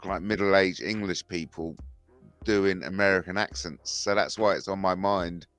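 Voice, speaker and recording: A man's voice: low-pitched, fairly even intonation, moderate pace, fairly bright tone, no echo, soft background music. A man hosting a casual chat show, easygoing and agreeable with his guest. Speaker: host.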